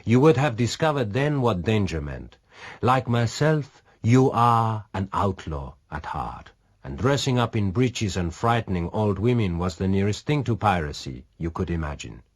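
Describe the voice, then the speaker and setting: A man's voice: fairly low pitch, big pitch swings, normal speed, voice pushed up. A man reading a mocking, daring pirate captain. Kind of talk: audiobook reading.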